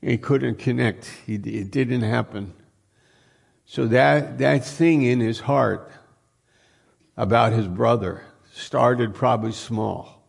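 A man's voice: medium pitch, takes it slowly, vocal fry, pauses often, husky. A man preaching a sermon in a conversational way, full of restarts and rhetorical questions.

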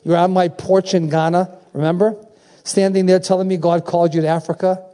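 Older male preacher, high mellow voice. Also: normal speed. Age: 70s. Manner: emphatic, repeats phrases and calls out to the congregation. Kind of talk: sermon.

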